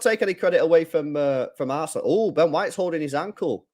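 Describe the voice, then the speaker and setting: A man hosting a live football watchalong, chatting casually, reading viewer comments and getting loud when play heats up. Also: a little high, brisk, hardly any pauses. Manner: chatty, swings from mumbling to excited shouting. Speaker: live stream host.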